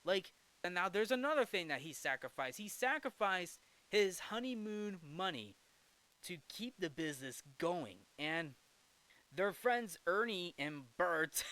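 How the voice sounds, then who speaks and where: A man's voice: high-pitched, very animated, a little slow, bright, forceful tone. A man hosting a movie review show, giving a casual, rambling film recap with jokey asides and frequent self-corrections.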